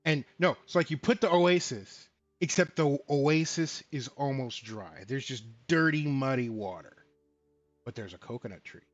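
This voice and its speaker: A man co-hosting a casual show about tabletop games, talking in an animated, profane way and acting out lines of quoted characters. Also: medium pitch, moderate pace, no echo, lo-fi sound, soft background music. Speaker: podcast co-host. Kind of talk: casual tabletop game talk.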